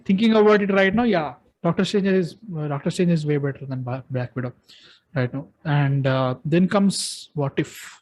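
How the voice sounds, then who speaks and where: A man in casual chat, giving excited, rambling opinions with frequent restarts as he ranks films. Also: fairly high pitch, moderate pace, low-quality recording. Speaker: co-host ranking films.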